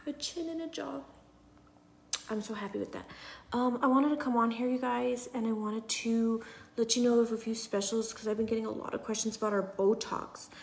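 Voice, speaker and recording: A young woman talking casually to her phone at home, chatty and often dropping to a soft near whisper. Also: on the high side, a little hiss or hum. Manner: chatty, repeats "you guys", drops to a near whisper at times. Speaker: patient sharing her recovery. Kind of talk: casual selfie vlog. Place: at home indoors.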